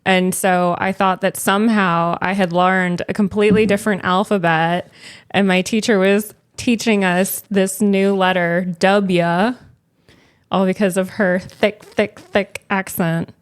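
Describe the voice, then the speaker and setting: A woman co-hosting a relaxed podcast with her husband. She chimes in with quick, teasing remarks in an everyday mid-pitched voice. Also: clear, resonant tone, dry recording, clean studio sound. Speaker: podcast co-host. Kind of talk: casual chat.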